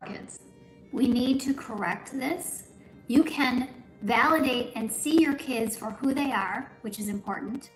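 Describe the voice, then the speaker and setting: A woman speaking in a measured, instructive way, giving advice to parents in a played clip. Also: a little high. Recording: clip with room echo, faint music.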